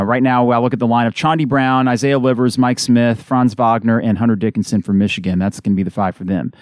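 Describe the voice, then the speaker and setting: A man hosting a podcast, calling a basketball game live with bursts of excitement. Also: medium pitch, fast, hardly any pauses, smooth, no echo, clean studio sound. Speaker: podcast host doing live game reaction. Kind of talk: excited play-by-play commentary.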